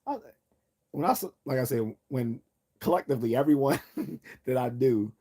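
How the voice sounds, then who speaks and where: A man's voice: mid-range voice, expressive, normal speed, warm tone, husky. A man hosting a livestream, rambling casually with lots of profanity and frequent laughter at his own jokes. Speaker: livestream host.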